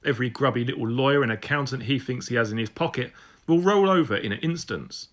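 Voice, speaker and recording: A man voicing a senior police superintendent who speaks in a measured, menacing way. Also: mid-range voice, fairly bright tone, close to an everyday voice. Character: scheming senior male police superintendent, cold, confident.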